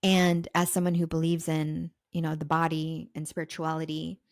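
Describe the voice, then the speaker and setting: A woman's voice: low voice, completely flat delivery, moderate pace, darkish tone, no room sound, studio quality. A young adult woman hosting a podcast, in a raw, emotional confessional monologue. She swears, repeats herself, and says her throat is sore. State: throat sore while sharing. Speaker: podcast host and self-love coach.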